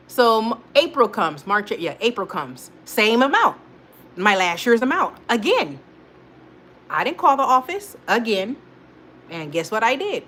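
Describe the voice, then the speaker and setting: On her weekly live check-in stream, a woman with a slightly high voice talks a little slowly, yet rambles animatedly in slang-filled speech aimed straight at her viewers. She laughs a lot and frequently restarts her sentences.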